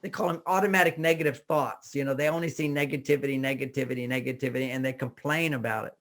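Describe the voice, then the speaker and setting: An older American man giving a relationship talk in a casual, animated way, acting out little cries and quoted voices. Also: mid-range voice, quick pace. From United States. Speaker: relationship author and speaker.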